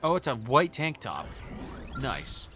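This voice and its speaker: A man streaming a game, chatting casually in an animated, joking way with frequent stammering restarts. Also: medium pitch, takes it slowly, slight background noise. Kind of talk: casual gaming commentary.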